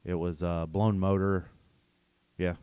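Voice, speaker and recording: A man's voice: low voice, flat delivery, slow, mellow, clear, resonant tone, no echo. A man co-hosting a car podcast, teasing his co-host with wry, joking banter. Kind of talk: casual chat.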